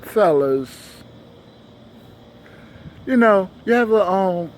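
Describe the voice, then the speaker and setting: Slow slangy comedian host. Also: male voice, animated. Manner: loose slangy storytelling, acts out dialogue in shifting voices; sings a repeated show jingle in a high voice. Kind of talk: stand-up monologue.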